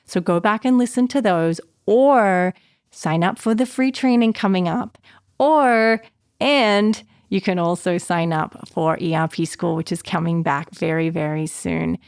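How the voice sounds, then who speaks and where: A woman talks quickly and with real passion as she hosts her own podcast as an anxiety therapist. Her voice sits a little low, and the sound is dry and close with no room around it. Her delivery is casual and encouraging throughout. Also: clear, resonant tone, no echo. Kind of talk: casual solo podcast talk.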